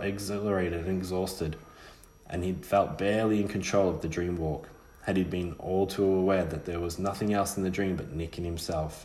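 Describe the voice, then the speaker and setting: A man reading a novel aloud in a measured, steady way, with small slips. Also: sits low, echoey room, slight background noise. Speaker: narrator. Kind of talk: audiobook reading.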